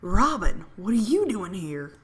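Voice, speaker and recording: Casting: kind young bartender in a story game, steady and soft-spoken, read by a woman. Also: lowish voice, normal speed. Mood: concerned. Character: friendly young male bartender, calm and caring.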